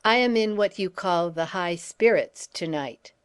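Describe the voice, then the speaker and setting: A flamboyant nobleman, as a woman reader puts him on, mocking and grandly courteous. He speaks in a fairly low voice for the storybook reading. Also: measured pace, smooth, natural voice. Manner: grandly polite, teasing, exclaiming. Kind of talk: audiobook character voice.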